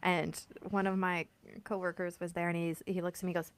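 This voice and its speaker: A woman's voice: on the low side, flat delivery, brisk, no echo. A woman hosting a podcast who chats casually and tells side stories, acting out bits of dialogue. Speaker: podcast host. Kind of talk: casual interview chat.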